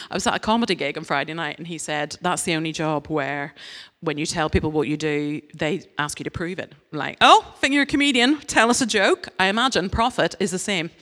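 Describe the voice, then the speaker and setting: A woman giving a lively, humorous sermon, acting out quoted voices with big leaps up in pitch. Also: moderate pace. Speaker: preacher. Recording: long hall reverb.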